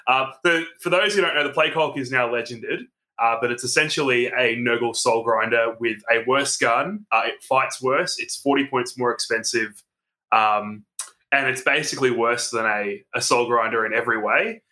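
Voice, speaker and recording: Bright-voiced man, hesitant. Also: medium pitch, moderate pace. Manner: hesitant, many restarts. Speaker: podcast co-host. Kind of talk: casual chat.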